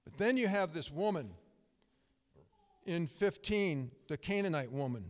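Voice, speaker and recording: Speaking a little slowly in an animated voice on the high side, this middle-aged man delivers a sermon as a pastor. His storytelling is conversational and emphatic with many restarts, and the room adds a long hall reverb.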